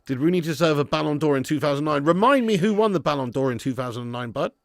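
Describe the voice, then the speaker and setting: A man's voice: fairly high pitch, fast talker, gravelly, no room sound, clean studio sound. A man hosting a live football watch-along from his garage, chatting casually with viewers, swearing freely and reading out the chat between bits of match commentary. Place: home garage used as storage room.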